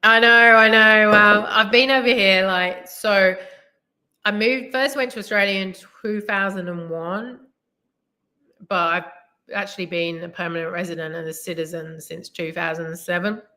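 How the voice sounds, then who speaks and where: A woman's voice: mid-range voice, steady tone, moderate pace, pushed and bright. A middle-aged woman from England with an English accent, chatting casually on a live stream in a rambling way, full of "like" and "you know". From England, West Midlands. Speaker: live-streaming delivery driver. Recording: roomy echo.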